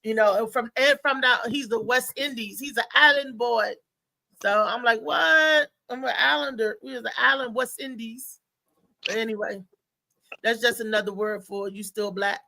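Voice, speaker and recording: Animated, bright-voiced woman host. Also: a little high, normal speed, vocal fry. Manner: animated rambling storyteller, laughs often. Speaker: talk show host. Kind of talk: casual live show chat.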